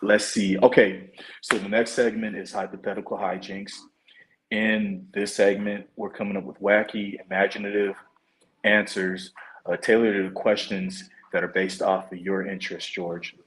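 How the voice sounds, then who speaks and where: A man's voice: lowish voice, flat delivery, moderate pace, a bit bright, slight background noise, low-quality recording. A man hosting a casual comedy podcast, moving through segments with a drawl while trying not to laugh. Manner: drawling, holding back laughter. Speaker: podcast host.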